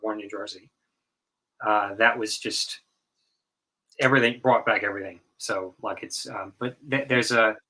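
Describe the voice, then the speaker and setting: A man with a Southern US accent chats on a livestream, often pausing to search for his words. His voice sits low but has a bright, forceful edge. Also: steady tone, low-quality recording. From North Carolina, USA. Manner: halting, many fillers and restarts, laughs. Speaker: stream guest. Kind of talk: casual stream chat.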